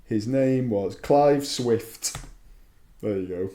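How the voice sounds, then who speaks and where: A man's voice: mid-range voice, slow pace, mellow. A man co-hosting a podcast in casual chat, often acting out quotes in put-on voices. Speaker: podcast co-host.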